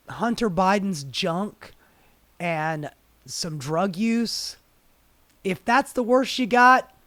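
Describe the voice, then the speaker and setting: Hoarse, breathy ranting commentary host. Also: mid-range voice, no room sound. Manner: sarcastic, profane, animated. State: hoarse, airy and breathy from a strained voice. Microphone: leaning close into a microphone.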